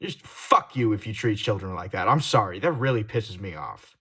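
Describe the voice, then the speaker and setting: Young man in a heated, halting confession. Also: on the low side, animated, breathy edge. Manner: heated, swearing, apologetic; halting restarts, trailing off quietly. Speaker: YouTuber. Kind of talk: confessional vlog monologue.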